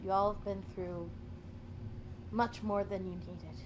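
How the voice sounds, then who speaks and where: A woman player in a tabletop game, speaking in character, casual and unhurried. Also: medium pitch, steady tone, noisy background. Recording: clear music underneath.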